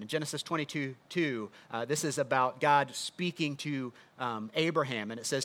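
Guy giving a sermon, kinda higher voice, chatty teaching w/ lots of "right?" questions. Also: moderate pace, fairly bright tone. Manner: conversational teaching with rhetorical questions. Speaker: pastor.

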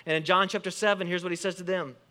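A male pastor preaching to his congregation with a bright, forceful tone and a slightly high voice. He moves between quiet, close remarks and strong emphatic lines as he quotes and explains scripture. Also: quick pace. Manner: animated preaching, rising and falling emphasis, quoting scripture. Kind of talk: sermon.

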